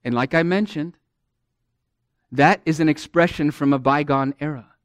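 A man preaching a sermon to women, earnest and emphatic, who speaks to them directly and swings from loud emphasis to a near-murmur. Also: on the high side, normal speed, dry recording, clean studio sound.

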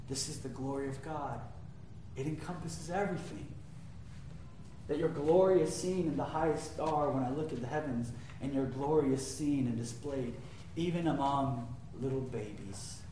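A man preaching a sermon, emphatic, swinging between loud declarations and hushed asides and asking his listeners rhetorical questions. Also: mid-range voice, a little hiss or hum. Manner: asks the audience rhetorical questions. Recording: very echoey room, mic far off.

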